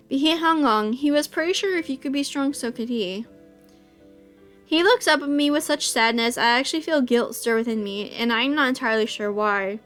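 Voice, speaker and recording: Woman with a high voice reading a visual novel aloud, emotional reactions, faint music under. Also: normal speed. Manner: emotional, bursts into excited reactions.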